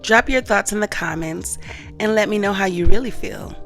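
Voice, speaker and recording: Gravelly-voiced woman host recapping. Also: mid-range voice, normal speed, fairly bright tone, soft background music. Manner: chatty, addresses viewers as cousins. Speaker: reaction channel host. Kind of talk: casual recap of a comedy skit.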